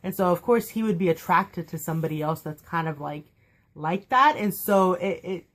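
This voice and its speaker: A woman's voice: on the low side, moderate pace, fairly bright tone. A young woman chatting through a casual fan review of a TV episode, gushing and filling her talk with "like". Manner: gushing, chatty, heavy use of "like" fillers. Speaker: TV show reviewer.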